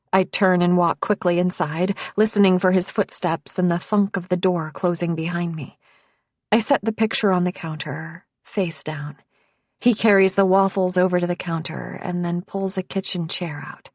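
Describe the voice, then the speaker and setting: A woman narrating a first-person thriller audiobook in a hushed voice that often drops to a whisper. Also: on the low side, breathy edge, no room sound.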